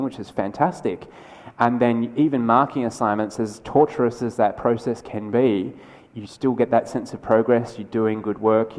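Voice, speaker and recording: A man giving a conversational, energetic conference keynote, with quick asides and restarts. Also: on the low side. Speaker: keynote speaker. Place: large lecture hall. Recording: lecture hall with long reverb.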